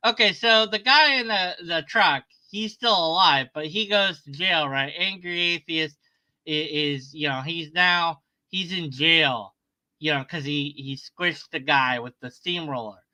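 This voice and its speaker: A man's voice: a little high, unhurried, bright, forceful tone, poor audio. A man sarcastically retelling a story in casual commentary, mocking the people in it.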